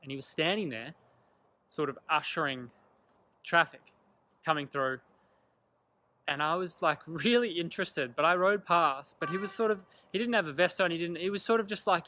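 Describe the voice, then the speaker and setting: A young man telling a personal story to camera in an earnest, animated way, acting out the lines of the people in it. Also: on the high side, normal speed, pauses often. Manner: earnest, animated retelling with quoted dialogue. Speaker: vlogger.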